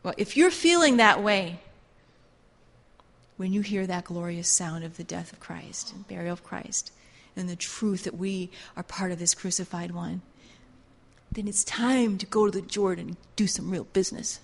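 A woman's voice: on the low side, moderate pace, vocal fry. A woman teaching a Bible class in a fervent, repetitive preaching style. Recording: long hall reverb.

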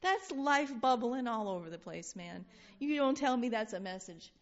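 A woman leading an informal Bible study, reading scripture aloud and talking in an animated, laughing way. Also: a little high, normal speed. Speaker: Bible teacher. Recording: dull lo-fi sound.

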